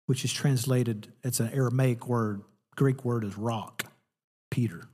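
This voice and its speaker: A man preaching a sermon as pastor, telling a story with animated, lively delivery. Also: mid-range voice, moderate pace, husky, long reverb tail.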